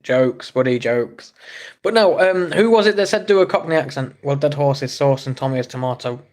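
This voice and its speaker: A man's voice: medium pitch, lively intonation, brisk, darkish tone. Chatty English man hosting a livestream. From England. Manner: chatty, joking, reacts to chat messages. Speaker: livestream host. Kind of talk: casual live chat reading comments.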